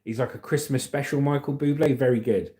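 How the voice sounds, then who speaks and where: A man's voice: mid-range voice, fairly even intonation, brisk, dark tone. A man hosting a casual livestream, reading chat comments aloud and laughing often. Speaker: livestream host.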